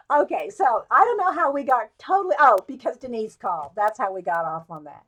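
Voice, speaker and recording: A chatty woman in her late fifties hosts a live stream, her voice sitting noticeably high. She wanders off on tangents, laughs often at herself, and talks to her viewers as if they were old friends. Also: sing-song, fairly quick, hardly any pauses, fairly bright tone. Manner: rambling, digressive storytelling with frequent laughs. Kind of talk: casual live chat.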